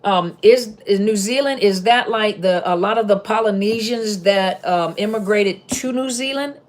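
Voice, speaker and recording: Woman, live-stream host, casual Q&A, reads comments aloud, chatty and animated, middle pitch. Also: normal speed. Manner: animated, repeats short exclamations. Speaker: host answering viewers.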